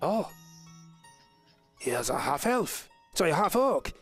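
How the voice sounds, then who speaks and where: Casting note: man playing a stuttering elf lady, flustered, higher-set voice, soft music behind. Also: big pitch swings, slow pace, exaggerated voice. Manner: stammering, flustered, many fillers. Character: stammering archaic elf woman with odd accent.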